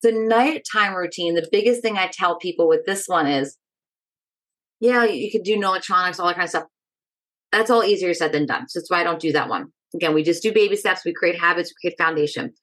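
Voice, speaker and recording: A woman talks as a stress management educator in a casual podcast interview, speaking directly and energetically and often checking in with "right?". Her voice is fairly low, a little fast and slightly bright.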